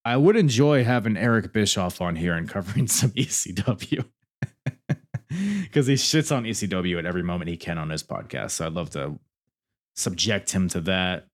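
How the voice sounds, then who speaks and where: A man hosting a solo podcast and answering listener questions, joking and rambling as he goes, often laughing. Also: deep voice. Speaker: podcast host.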